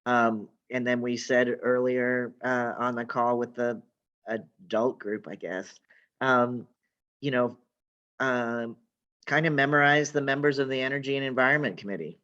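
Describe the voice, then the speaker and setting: A woman politician giving casual, halting advice and stories to young activists, with many fillers, over a video call. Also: rumbling low, steady tone, a bit bright. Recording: dull lo-fi call audio.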